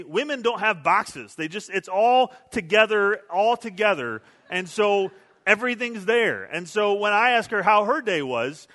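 Guy pastor giving a sermon, kinda high voice, joking about himself, church echo all around. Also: fairly bright tone. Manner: conversational, self-deprecating storytelling.

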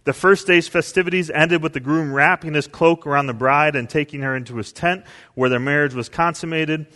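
A male pastor preaching a sermon, telling stories and acting out quotes with big swings in pitch and volume. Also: brisk, bright, forceful tone, big-room sound.

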